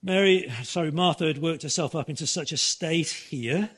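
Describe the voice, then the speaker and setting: A man's voice: fairly high pitch, normal speed, breathy edge. Earnest man preaching a sermon. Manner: earnest preaching with restarts and soft repeated quotes. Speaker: pastor.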